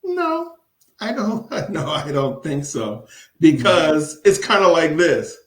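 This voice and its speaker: A man's voice: on the high side, sing-song, slow, fairly bright tone. A man running for city council, talking emphatically in a casual interview, repeating words for stress and laughing often. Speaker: city council candidate and commissioner. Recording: echoey room.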